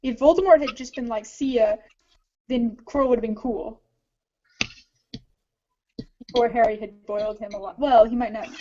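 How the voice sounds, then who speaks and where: A woman with a fairly high voice talks her way through ideas in a casual podcast chat, starting sentences over and jumping between thoughts. The audio is a bit dull and lo-fi. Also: moderate pace, long pauses. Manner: animated, thinks aloud with restarts. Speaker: podcast co-host. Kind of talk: casual book-club discussion.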